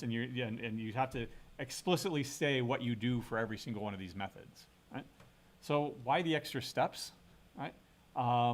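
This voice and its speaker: A middle-aged man lecturing a class in a relaxed, conversational way. His voice sits at an ordinary middle pitch. He keeps checking in with quick "right?" tags and thinks aloud as he goes. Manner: casual, thinks aloud, frequent "right?" tag questions. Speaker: university lecturer.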